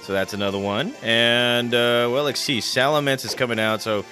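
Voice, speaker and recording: Bright-voiced excitable man commentating a game. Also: mid-range voice, normal speed, faint music behind. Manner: excitable, chatty, stumbling restarts. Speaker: let's play commentator.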